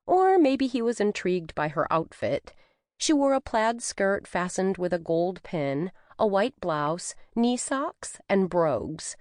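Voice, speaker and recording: A woman narrating a cozy mystery audiobook in the first person, with an expressive storytelling manner. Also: mid-range voice, takes it slowly, dry recording, clean studio sound. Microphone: studio microphone.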